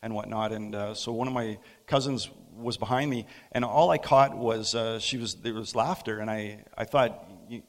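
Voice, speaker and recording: A man preaching a sermon as a pastor, telling a story in a halting, unhurried way with frequent pauses. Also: fairly low pitch, fairly even intonation. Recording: long hall reverb.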